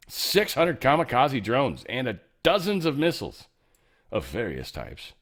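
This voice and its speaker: A man's voice: medium pitch, wildly swooping pitch, measured pace, fairly bright tone. A middle-aged man hosting a casual political news commentary show, sarcastic and rambling, swearing freely as he reacts to headlines. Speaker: host.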